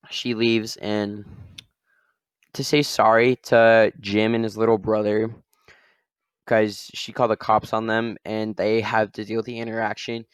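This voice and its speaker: A man hosting his own podcast, telling a story casually and rambling, often tagging sentences with a quick "all right?". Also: fairly low pitch, no room sound, studio quality. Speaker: podcast host.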